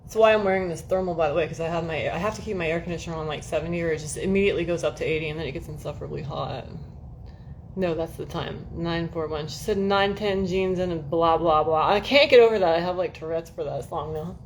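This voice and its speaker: A woman's voice: low-pitched, quick pace, slight background noise. A woman chatting casually to viewers on a livestream from her home, rambling, swearing freely and laughing at herself often. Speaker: livestream host. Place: indoors at home, air-conditioned room.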